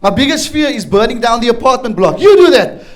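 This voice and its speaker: A man with a South African accent and a fairly high voice performs stand-up in a comedy club. He keeps up a chatty flow and teases the people in the crowd as he goes. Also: lively intonation, brisk. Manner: chatty, teasing crowd work.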